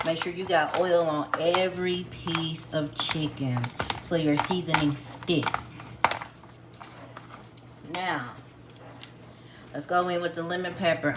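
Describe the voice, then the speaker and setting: A woman with a fairly low voice chats her way through a home cooking tutorial, calling out each step to her viewers. Her tone is relaxed and homespun. Clinking dishes and pans are clearly heard in the kitchen around her. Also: noisy background. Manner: chatty, addresses viewers as y'all, homespun instructions. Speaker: cooking vlogger.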